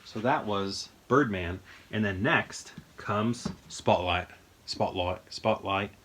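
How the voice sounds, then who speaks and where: Rambling, lower-voiced man chatting casually. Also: slow pace, a bit bright, slightly rough. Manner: rambling, enthusiastic, thinks aloud. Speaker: vlogger showing his movie collection. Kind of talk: casual chat. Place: home movie room.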